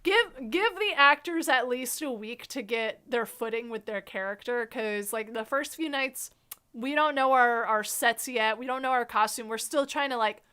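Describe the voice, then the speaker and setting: A woman hosting a casual interview chat, animated and acting out quoted lines as she tells stories. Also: fairly high pitch, normal speed, smooth. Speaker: host interviewing a guest.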